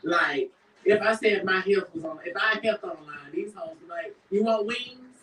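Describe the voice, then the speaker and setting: In a candid confessional chat, a woman reality show cast member talks emphatically and emotionally about her life, often quoting others in put-on voices. Her voice sits on the low side, a bit bright, at a moderate pace. The low-quality recording is roomy, with the mic far away.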